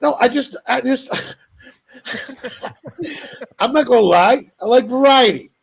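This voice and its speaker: High-voiced, profane comedian man. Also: measured pace, gravelly. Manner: profane, animated storytelling with voiced asides. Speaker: comedian guest. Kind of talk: casual podcast banter.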